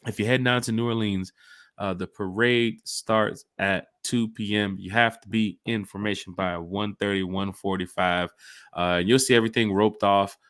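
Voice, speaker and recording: A man hosting a casual sports podcast, talking in an animated way that jumps between hype and jokes. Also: lowish voice, moderate pace, dry recording, clean studio sound. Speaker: podcast host.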